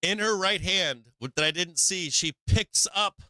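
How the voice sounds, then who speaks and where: A man with a very bright, smooth and crisp voice, telling a story on a live stream. He rambles, repeats himself and swears freely. The sound is dry and close. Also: high voice, unhurried, no echo, rough recording. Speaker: host of a live stock market show.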